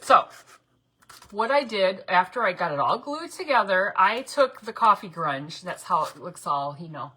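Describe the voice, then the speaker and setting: A woman's voice: medium pitch, expressive, moderate pace, sharp tone, breathy edge, poor audio. A woman hosting a casual crafting tutorial, chatty and rambling, often laughing and correcting herself as she works. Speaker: craft video host.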